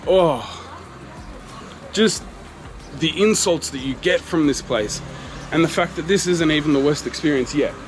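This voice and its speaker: A man's voice: fairly high pitch, a little slow, soft background music. A man, a travel vlogger animatedly retelling a frustrating encounter to camera. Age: 30s. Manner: animated, exasperated retelling with quoted exchanges. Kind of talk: casual storytelling to camera. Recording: faint street noise behind.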